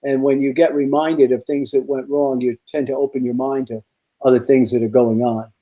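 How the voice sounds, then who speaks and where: A man who is a meteorologist, guesting on a podcast and telling rambling, animated stories with many restarts. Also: mid-range voice, moderate pace. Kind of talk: casual podcast storytelling.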